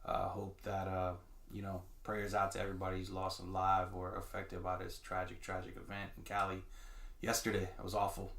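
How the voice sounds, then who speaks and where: A man co-hosting a casual podcast, still a little hoarse and just getting his voice back, bantering in a laid-back way with big hyped shouts at the intro. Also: sits low, completely flat delivery, moderate pace. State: slightly hoarse, voice recovering. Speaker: podcast co-host. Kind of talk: casual chat. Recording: echoey room with faint noise.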